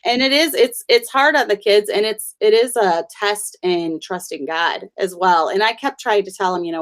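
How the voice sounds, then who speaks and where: A woman host of middling pitch tells family stories in a chatty, conversational way. She laughs easily between anecdotes. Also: moderate pace, hardly any pauses. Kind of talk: conversational storytelling.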